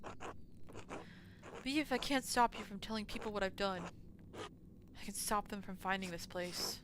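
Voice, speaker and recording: A woman's voice: mid-range voice, measured pace, noisy background, close to an everyday voice. Woman reading as a grim old priest. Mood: solemn. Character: older male priest confessing, grim and resigned.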